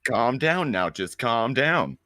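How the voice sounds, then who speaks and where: A man's voice: mid-range voice, very animated, slow pace, pushed and bright, no room sound. A man co-hosting a casual livestream, dropping dry teasing remarks. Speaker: co-host.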